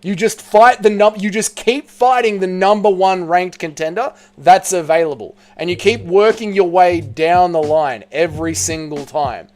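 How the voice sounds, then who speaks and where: A man's voice: sits high, moderate pace, few pauses. A man with an Australian accent hosting a live stream, chatting casually, reading out and answering viewer comments, and swearing now and then.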